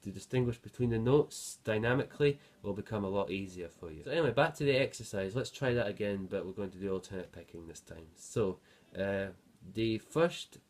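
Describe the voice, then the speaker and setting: A man's voice: fairly low pitch, a little fast, hardly any pauses, a little mellow. A man teaching a guitar lesson, counting beats aloud and explaining between passages, with some fillers. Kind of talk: music lesson. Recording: guitar playing behind voice.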